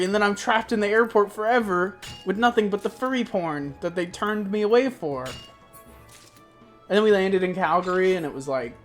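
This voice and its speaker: A streamer from Florida telling a travel story in casual, profane chat, acting out the people in it. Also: medium pitch. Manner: animated, profane, puts on voices for quoted people.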